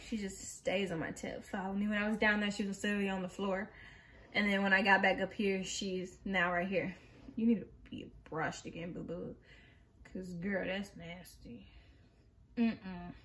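A woman's voice: mid-range voice, a bit bright. A young pregnant woman vlogger talking casually and rambling, a bit out of breath and laughing often. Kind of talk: casual chat.

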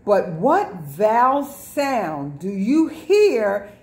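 A woman's voice: medium pitch, big pitch swings, extremely slow, a little mellow. A woman teacher giving a lesson to young children, repeating words, drawing out sounds and spelling words letter by letter. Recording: echoey room.

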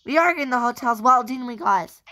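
A woman narrating and voicing a whole cast of dolls in a home role-play. Her voice sits high and swoops all over as she switches quickly between squabbling characters. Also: expressive, pushed and bright.

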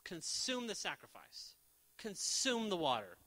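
A young man preaching a casual, joking sermon, telling the story with lively energy and jumping into quick quoted voices for the characters. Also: sits high, noisy background. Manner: jokey. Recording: long reverb of a church hall.

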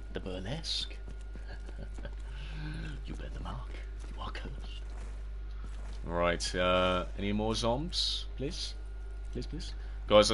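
A young British man streaming a zombie game, chatting to viewers and yelping and cursing at the game. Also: on the low side. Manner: excitable, yelps and shouts at the game, chats to viewers. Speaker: livestreamer. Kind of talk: casual gaming livestream commentary.

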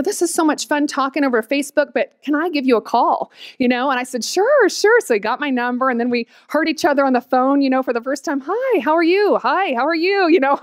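Woman in her thirties, personal testimony, animated storytelling, fairly high voice, dry sound. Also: no echo. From Oklahoma, USA. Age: 30s. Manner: animated storytelling, quotes herself with squeals and laughs.

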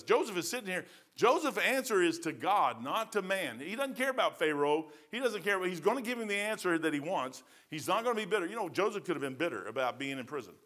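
In a church sanctuary, a male pastor with a Midwestern American accent preaches verse by verse, folksy and emphatic, using colloquial phrasing. His voice is high-pitched with a fairly bright tone.

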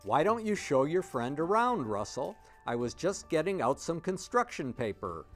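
A man's voice: a little high, big pitch swings, normal speed, faint music behind. A man doing Aunt Elsie, a doting older aunt. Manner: doting, sing-song. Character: kindly, crafty older aunt.

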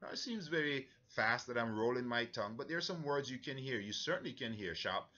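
Bright-voiced Jamaican man, earnest and halting. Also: medium pitch, expressive, highs cut off. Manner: earnest, halting with many fillers. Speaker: mission trip leader. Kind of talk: briefing a church group.

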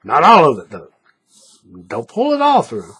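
A man's voice: on the high side, huge pitch swings, moderate pace, pushed and bright, husky. A man teaching a paracord bracelet step by step in a folksy tutorial, repeating each move and checking in with viewers. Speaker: paracord craft instructor. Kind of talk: hands-on tutorial narration.

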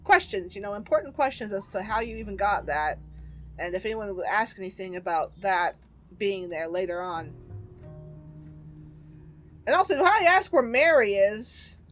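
A woman's voice: medium pitch, expressive, normal speed, long pauses, fairly bright tone, soft background music. A woman playing a horror game and commenting casually, chatty and reactive, with jokes and swearing. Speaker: game streamer. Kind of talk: let's play commentary.

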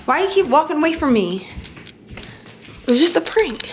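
A woman's voice: sits high, very animated, moderate pace, noisy background. Teasing young woman vlogger. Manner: teasing, playful, repeats questions. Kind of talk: casual prank vlog chat.

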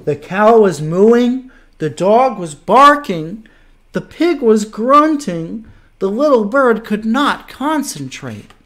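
A man reading a picture book aloud to children, playful and animated, stopping to make animal noises. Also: high-pitched, slow pace. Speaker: children's story reader.

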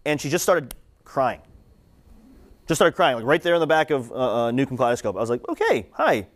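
A young man giving a conversational sermon-style talk to students, animated and repeating phrases for emphasis. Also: medium pitch, brisk. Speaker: campus ministry speaker.

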